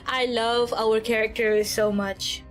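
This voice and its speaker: A woman's voice: on the high side, huge pitch swings, drawn-out words, fairly bright tone, soft background music. A young woman streaming a game, with giggly, rambling commentary and frequent laughter. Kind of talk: casual gameplay commentary.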